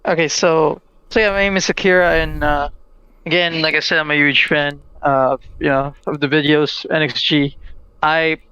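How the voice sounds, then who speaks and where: A man on a gaming podcast panel, speaking eagerly and quickly, repeating himself as he introduces himself. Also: on the high side, fairly even intonation, bright, forceful tone, clear, resonant tone, no echo, muffled recording. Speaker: panel guest. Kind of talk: casual podcast chat.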